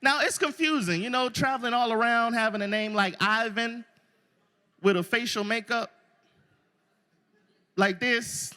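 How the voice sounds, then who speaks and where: A male stand-up comedian from Florida, working the crowd loudly at a live show and acting out other people's voices. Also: very high voice, unhurried, pauses often. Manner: loud crowd work, acts out characters' voices. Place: live show before an audience.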